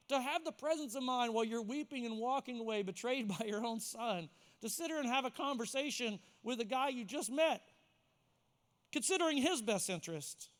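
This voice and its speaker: A man's voice: extremely high pitch, a bit bright, in a large hall. A man preaching a sermon as pastor, emphatic and repeating key words for effect, in a church sanctuary.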